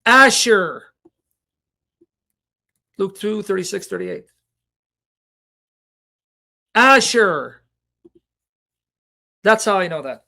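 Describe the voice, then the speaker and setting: A Bible teacher hosting a livestream speaks in a high-sitting, fairly bright voice, passionate and emotional as he addresses his viewers directly. He reads scripture references aloud and asks them rhetorical questions.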